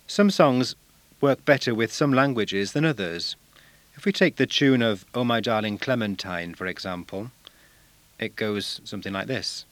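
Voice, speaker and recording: A male language teacher giving a measured, explanatory talk on using songs in class, now and then singing short examples. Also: fairly low pitch, lively intonation, fairly bright tone, no echo.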